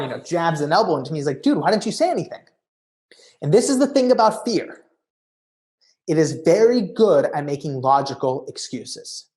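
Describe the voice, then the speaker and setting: Man telling an animated story. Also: medium pitch. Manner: animated storyteller, often says "you know". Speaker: conference keynote speaker. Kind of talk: storytelling talk.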